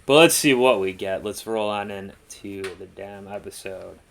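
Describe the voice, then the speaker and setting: A man's voice: fairly low pitch, moderate pace, vocal fry. A man co-hosting a reaction show, chatting casually in a rambling, laid-back way with lots of fillers. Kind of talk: casual chat.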